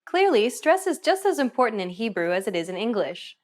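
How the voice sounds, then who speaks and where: A woman presenting a scripted language lesson, with upbeat and clear instructional delivery. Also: fairly high pitch, very animated, a little fast. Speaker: language teacher.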